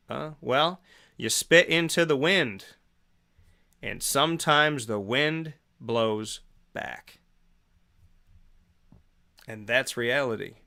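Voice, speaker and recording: A gravelly mid-range male voice stretches out words and pauses often, with a sharp tone throughout. As host of a preachy motivational morning monologue, he leans on rhetorical questions and repetition, acting out both sides of pretend conversations.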